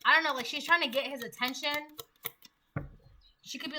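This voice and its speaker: A woman's voice: sits high, fairly even intonation, brisk, pauses often, heavy background noise. A woman giving a casual tarot reading, chatty and acting out the voices she quotes. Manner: chatty, acts out quoted voices, laughs at own jokes. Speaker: tarot reader.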